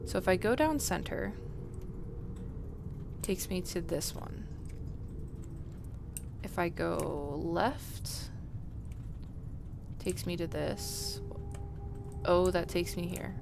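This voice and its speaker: A woman's voice: on the low side, slow, vocal fry, long pauses, noisy background. A woman streaming a horror game, talking herself through it with jumpy, nervous laughter and reading the game's text aloud. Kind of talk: casual game commentary.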